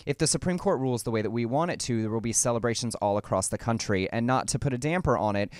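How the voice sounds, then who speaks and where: Clear-voiced man giving earnest commentary. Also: mid-range voice, a little mellow, no echo, clean studio sound. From American South. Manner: earnest, measured, fluent argument. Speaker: co-host. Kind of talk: casual news commentary.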